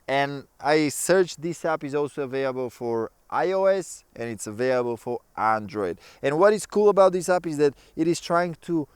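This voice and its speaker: Chatty man with a smooth voice. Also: on the high side, moderate pace, hardly any pauses, dry recording. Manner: relaxed, chatty, non-native phrasing. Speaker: ukulele teacher. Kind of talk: casual tutorial explaining.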